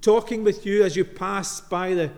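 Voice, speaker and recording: A man preaching a sermon as minister, telling a story with dramatic pauses. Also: sits high, steady tone, vocal fry, darkish tone. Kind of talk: sermon with Bible reading. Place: church. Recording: long reverb of a church.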